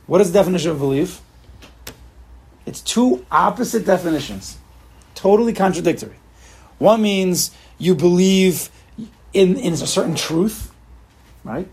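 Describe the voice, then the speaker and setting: A man with a somewhat high, gravelly voice teaches a Torah class in a relaxed spoken way. His husky tone carries through frequent restarts and rhetorical questions, with Hebrew terms mixed into his talk. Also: measured pace, long pauses.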